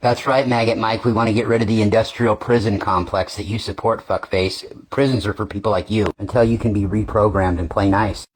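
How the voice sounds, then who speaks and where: Low-pitched guy doing a sarcastic political rant, swears a lot, mocking. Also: steady tone, fairly quick, few pauses, slightly rough. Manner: sarcastic, mocking, profane rants. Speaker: political commentary host. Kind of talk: angry reaction commentary.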